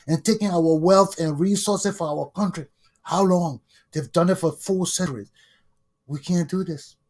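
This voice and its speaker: Husky angry man ranting. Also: a little high. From Liberia. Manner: angry, heated, rising to shouting. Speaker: talk show host. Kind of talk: impassioned political monologue.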